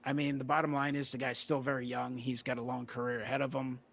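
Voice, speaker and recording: A male card-collector guest in a casual conversation, relaxed and rambling with plenty of "you know" fillers. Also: mid-range voice, fast, creaky.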